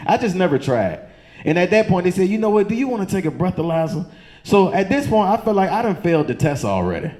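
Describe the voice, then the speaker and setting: A man from doing loose, profane stand-up storytelling on a comedy club stage, jumping into high squeaky voices for the people in his story. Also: very animated, fairly quick, a little mellow. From Chesterfield County, Virginia.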